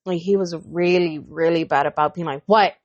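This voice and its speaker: A woman co-hosting a podcast, chatting casually and bluntly, telling animated stories with voiced quotes and plenty of swearing. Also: sits low, a little fast, no echo, muffled recording. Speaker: podcast co-host. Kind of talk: casual chat.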